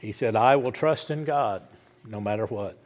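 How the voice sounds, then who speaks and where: A man preaching a sermon, repeating lines with rising emphasis and dropping soft and low at the ends of thoughts. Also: normal speed. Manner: emphatic repetition, rising to loud declarations. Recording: long hall reverb.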